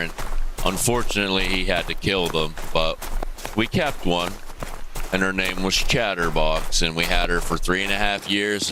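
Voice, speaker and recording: Deep-voiced man chatting on a game stream. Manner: rambling, many fillers and restarts. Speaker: gaming streamer. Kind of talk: casual live-stream chat. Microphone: gaming headset. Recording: gaming headset mic with clear background noise.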